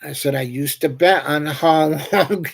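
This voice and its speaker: A man's voice: fairly high pitch, unhurried, vocal fry, breathy edge. A man hosting a livestream, chatting casually and telling meandering, joking anecdotes. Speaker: livestream host. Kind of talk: casual rambling chat.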